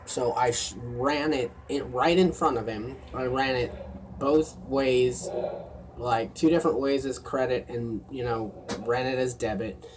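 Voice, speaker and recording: A man's voice: mid-range voice, unhurried, distant mic, noisy background. A man working a gas station shift, talking to himself in a weary, rambling video diary, feeling run down. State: tired and run down.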